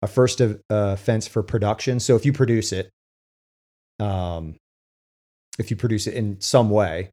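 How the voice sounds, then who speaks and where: A man explaining sentencing in casual talk, halting and full of fillers and restarts. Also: lowish voice, warm tone. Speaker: co-host with legal case experience. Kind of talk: casual discussion.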